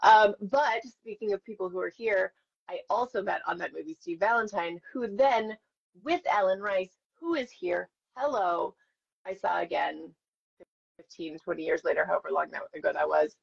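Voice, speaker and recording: A woman's voice: medium pitch, normal speed, vocal fry, slightly rough. A woman in her forties, an actress chatting with fans and telling stories on a live stream while signing autographs. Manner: chatty, self-deprecating, storytelling. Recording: dull lo-fi stream audio.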